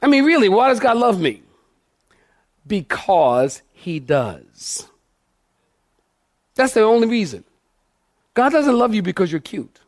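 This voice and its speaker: A man with a high-pitched voice preaching from a church pulpit. He is animated and lively, pushing the congregation for responses as he goes. The delivery is a full sermon. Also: brisk. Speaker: pastor.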